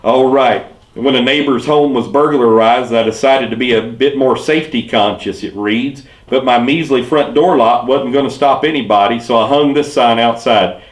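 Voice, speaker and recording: Southern US male pastor doing a light joke set, mid-pitched, quick delivery that drops low on punchlines, roomy echo. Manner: quick-switching joke telling, punchlines dropped low and quiet. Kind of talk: telling clean jokes and puns. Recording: echoey room.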